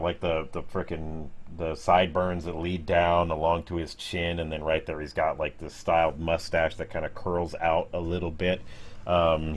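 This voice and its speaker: Deep-voiced hesitant game master, a man. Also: a little hiss or hum. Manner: hesitant, many fillers and self-corrections. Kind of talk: narrating a tabletop game.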